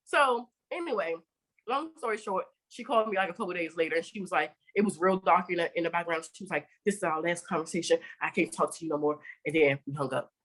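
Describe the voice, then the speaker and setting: A woman's voice: on the low side, fast talker, fairly bright tone, rough recording. A woman hosting a podcast, telling a story in casual chat and acting out both sides of the dialogue with plenty of swearing. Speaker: podcast host.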